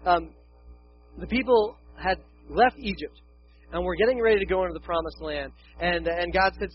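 A man's voice: high voice, brisk, lo-fi sound, slight background noise. A man preaching a conversational, self-deprecating sermon, often acting out quotes. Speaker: pastor.

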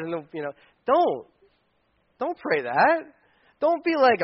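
A man with a high, very animated voice delivers a joking, casual sermon to parents at a normal speed, with long pauses. He acts out small scenes using funny voices. The audio sounds dull and lo-fi.

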